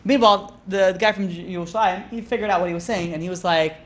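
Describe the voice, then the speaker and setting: Fast-talking rabbi telling stories. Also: male voice, sits high, slight background noise. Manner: animated, acts out characters' lines with casual fillers. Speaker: rabbi teaching a class. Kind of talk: storytelling lecture.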